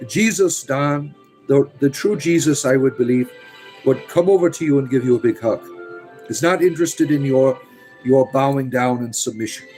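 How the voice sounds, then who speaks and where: A man in casual live chat who turns emphatic and preachy, his speech dotted with "uh" fillers. He talks in a theatrical, storyteller-like accent of his own making, at an everyday pitch. Faint music plays behind him. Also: normal speed, darkish tone, low-quality recording. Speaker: livestream host answering chat.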